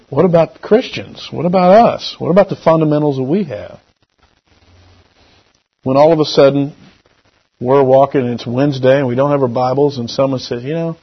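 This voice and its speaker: A middle-aged man giving a church lesson with anecdotes, talking conversationally and swinging between loud emphasis and quiet asides. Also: mid-range voice, vocal fry, husky. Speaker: lay preacher. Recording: dull lo-fi recording.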